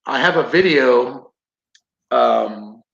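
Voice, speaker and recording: A man's voice: medium pitch, lively intonation, drawn-out words, creaky, fairly bright tone. A man casually telling a paranormal investigation story, rambling, swearing freely and acting out what people said. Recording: roomy, dull lo-fi podcast audio.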